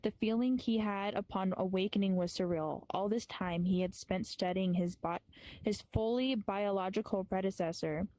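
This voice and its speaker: A woman's voice: mid-range voice, steady tone, normal speed, dark tone, poor audio. A woman improvising spoken story narration, sometimes stumbling over names and restarting words. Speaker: improv performer.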